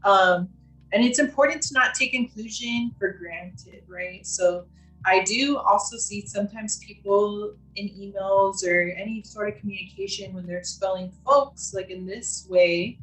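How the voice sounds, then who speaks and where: A woman's voice: mid-range voice, unhurried, fairly bright tone, echoey room, soft background music, poor audio. A woman leading a casual online training session, chatty and full of fillers and restarts.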